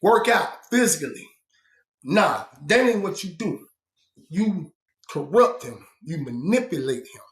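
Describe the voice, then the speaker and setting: A man with a slightly high voice tells a story in a loose, casual way. His speech is blunt and salted with curses and fillers, and he shifts his voice when he acts out other people. The room gives the recording a noticeable echo. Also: very animated, a little slow. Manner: blunt, profane street talk with lots of fillers; shifts pitch and loudness to act out quoted people. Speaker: storyteller recounting his prison time. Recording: roomy echo.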